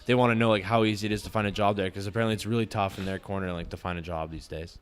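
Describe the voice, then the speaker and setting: A man's voice: on the low side, steady tone, rapid-fire, smooth. A young man from Quebec with a Québécois French accent, a guest telling a travel story in casual chat, rambling with many fillers. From Quebec, Canada. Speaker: podcast guest, backpacker.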